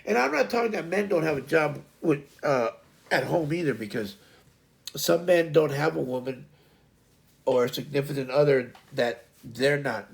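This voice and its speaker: A man's voice: mid-range voice, gravelly. A man hosting a casual livestream chat, rambling and restarting his sentences often. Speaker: livestream host.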